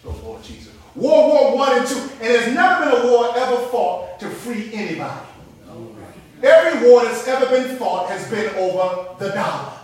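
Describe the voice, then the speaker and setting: High-voiced preacher man in an echoey hall. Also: moderate pace. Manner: animated storytelling, rising to shouted preaching. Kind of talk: sermon. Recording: echoey hall, mic from a distance, congregation audible.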